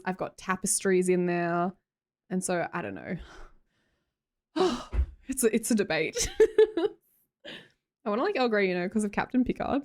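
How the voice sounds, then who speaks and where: An Australian woman live streamer chatting casually with viewers, scattered and self-mocking, laughing often. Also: mid-range voice. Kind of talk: casual chat reading viewer messages.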